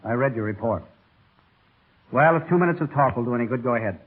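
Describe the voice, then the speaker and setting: Brief: curt, driven surgeon, gruff and husky, 1930s radio play. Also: male voice, medium pitch, lively intonation, fast talker. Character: brusque, driven surgeon turned researcher. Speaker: doctor. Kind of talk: 1930s radio drama acting. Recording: tinny old radio broadcast.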